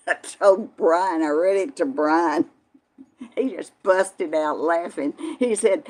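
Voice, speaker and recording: An older woman, talking in a slightly low voice. She chats easily and folksily, greeting viewers by name as she reads the live chat. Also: takes it slowly, long pauses, a little mellow. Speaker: vlog host reading live chat. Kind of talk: casual live-stream chat.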